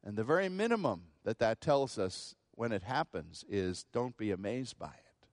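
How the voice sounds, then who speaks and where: A man preaching a sermon, acting out quoted lines in loud bursts and dropping to hushed asides. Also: big pitch swings, moderate pace, dry recording, clean studio sound. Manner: dramatic, swings between loud quoted outbursts and low hushed asides.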